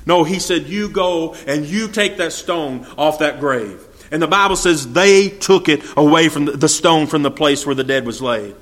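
High-pitched preacher man. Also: fairly bright tone. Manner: folksy, rhetorical questions, reads scripture in old-fashioned English. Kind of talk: sermon with scripture reading.

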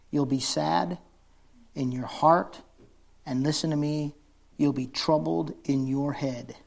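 A middle-aged man preaching a sermon as pastor, conversational, swinging between loud emphasis and quiet intensity, laughing easily. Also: on the high side, creaky.

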